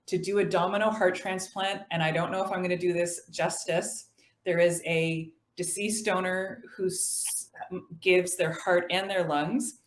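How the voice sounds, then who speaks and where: A woman with a fairly low voice explains things earnestly and plainly. Her voice comes through a video call from a room with a noticeable echo. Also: fairly even intonation, a little slow. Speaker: trivia player, living liver donor.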